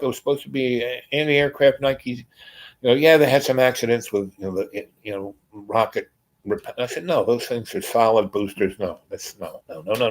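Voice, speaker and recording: A man's voice: medium pitch, low-quality recording. A man telling a long personal story in a rambling, casual way, full of fillers and quoted exchanges. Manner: rambling, filler-heavy, voices others in quotes.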